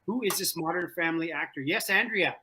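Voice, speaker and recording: High, bright-voiced playful man hosting trivia. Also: fast talker, slight background noise, low-quality recording. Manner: animated, joking, repeats himself. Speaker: trivia game host. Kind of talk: playful game-show hosting. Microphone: video call from home.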